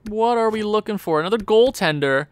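A man giving casual commentary on a sports video game, animated, talking to himself and often jumping into a high, squeaky voice. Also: a little fast, slight background noise. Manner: animated, jumps into high squeaky voice when excited or pleading; talks to himself, muttering low. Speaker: gaming YouTuber.

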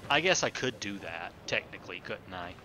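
A man's voice: lowish voice, lively intonation, normal speed, noisy background. A man streaming a city-building game, thinking aloud in a rambling casual way and chatting with viewers as he plays. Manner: thinks aloud, rambling with fillers and self-corrections; chats with viewers while playing. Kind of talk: casual live-stream commentary.

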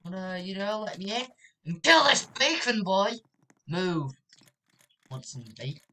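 A woman's voice: medium pitch, sing-song, unhurried, pushed and bright. A young woman commentating her own gameplay, chatty and given to sudden screams. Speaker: gaming YouTuber.

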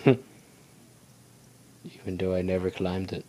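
Young male let's-play host, low voice, chatty and rambling self-talk. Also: steady tone, unhurried, pauses often, dark tone. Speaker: gaming channel host. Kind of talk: casual let's play commentary.

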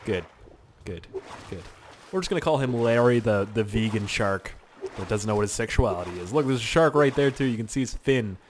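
A young man chatters through a survival game, joking and arguing with himself. His pitch swings widely and freely, with faint ambient game sound underneath. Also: lively intonation, brisk, slight background noise. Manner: rambling, joking, talks to himself. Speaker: gaming channel host. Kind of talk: let's play game commentary.

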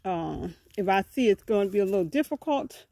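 Out of breath on her rural property, this vlogger talks to viewers in a chatty, folksy way, frequently calling them family and repeating words. Her voice is medium in pitch, expressive, fairly quick and mellow, with no room sound.

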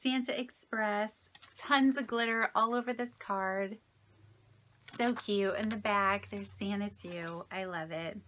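A woman's voice: medium pitch, fairly even intonation, slow pace, slight background noise. A woman in her late thirties opening gifts from friends on her craft vlog, gushing and delighted as she thanks each sender. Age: 30s. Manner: gushing, delighted, soft-spoken. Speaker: craft vlogger. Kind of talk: casual mail-opening vlog.

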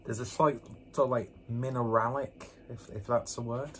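A man's voice: medium pitch, fairly even intonation, moderate pace, fairly bright tone, slight background noise. A man doing a casual beer review vlog, rambling along with joking, self-mocking asides, indoors with a fan running.

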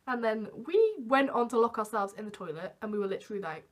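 A young woman vlogging, telling a story in an animated way and acting out the quoted voices. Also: a little high, fairly quick. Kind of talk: storytime vlog.

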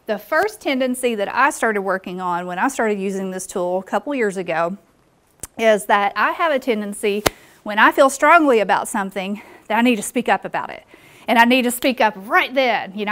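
A woman's voice: a little high, fairly bright tone. A woman presenting a live workshop in a meeting room, engaging the audience with questions.

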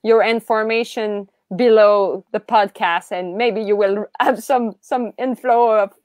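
Woman podcast host, enthusiastic, slow deliberate speech, dry close sound. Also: mid-range voice, fairly even intonation, darkish tone, no echo. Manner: enthusiastic, short affirmations. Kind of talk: casual interview talk.

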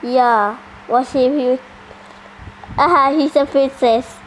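High-voiced, excitable female gamer. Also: takes it slowly, a little hiss or hum, rough recording. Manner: excitable, full of surprised questions. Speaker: gaming channel host. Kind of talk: casual gameplay commentary.

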